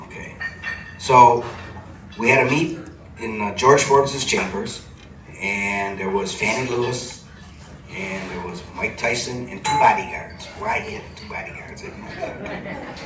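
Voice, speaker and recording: A man's voice: lowish voice, noisy background. Older guy rambling through old stories on a club stage, recorded from far back, echoey room, busy background. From Cleveland, USA. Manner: rambling, chuckling anecdotes. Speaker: TV personality telling stories on stage. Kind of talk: storytelling to a live audience. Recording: echoey club from a distant mic, audible ambience.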